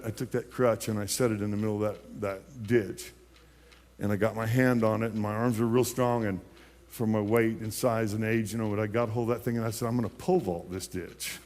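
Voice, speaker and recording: A man in his late fifties, a pastor giving his personal testimony in a sermon, telling it in a folksy way with many restarts and repeated words. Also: on the low side. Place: church sanctuary. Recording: long church hall reverb.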